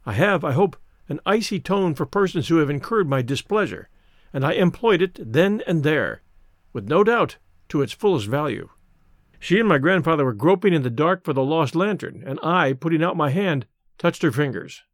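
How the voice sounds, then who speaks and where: A man narrating a novel in the first person with a measured, wry and expressive reading. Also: fairly high pitch, dry recording, studio quality. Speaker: audiobook narrator.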